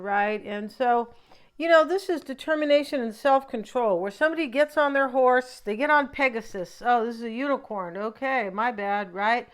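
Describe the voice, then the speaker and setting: A woman talks through a tarot card reading in a loose, rambling way. She keeps adding a questioning "right?" and wanders off into little asides. Her voice is smooth and resonant, sitting a bit higher than most women's. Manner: chatty, often ends thoughts with a questioning "right?". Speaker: tarot reader.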